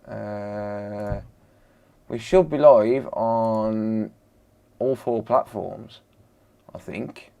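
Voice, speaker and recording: A man talks slowly and easily in a casual live-stream chat. He reels off viewers' names in greeting and answers the chat with laid-back banter from his repair bench. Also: lowish voice, vocal fry, mellow, clean tone.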